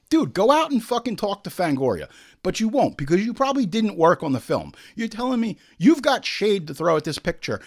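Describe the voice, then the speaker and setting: A man hosts a horror podcast in a loud, profane rant. He sneers at the reviews he reads aloud, and his voice leaps up and down as his temper flares. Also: a little high. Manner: profane, sarcastic, heated. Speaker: podcast host. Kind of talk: ranting review commentary.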